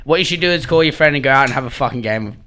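A man's voice: mid-range voice, racing, sharp tone. A man in his thirties co-hosting a podcast, joking crudely and rowdily with heavy swearing. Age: 30s. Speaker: podcast co-host. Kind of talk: casual chat.

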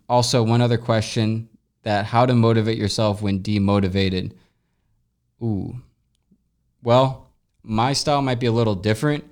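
A young American man hosts a casual solo podcast from home, reading listener questions and answering with blunt, rambling advice and plenty of swearing. His voice is fairly low and smooth. It's captured on a camera in an echoey room fitted with sound pads, and he sometimes drifts off-mic.

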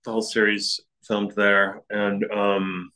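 A man's voice: fairly low pitch, level tone, takes it slowly, pushed and bright, low-quality recording. A man, an actor being interviewed, talking casually and rambling with many fillers and frequent laughs. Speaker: actor guest.

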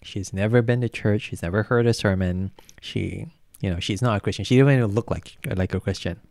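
A man preaching a sermon in a relaxed, conversational way, with stories and frequent fillers. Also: fairly low pitch, a little fast, gravelly, no echo, studio quality.

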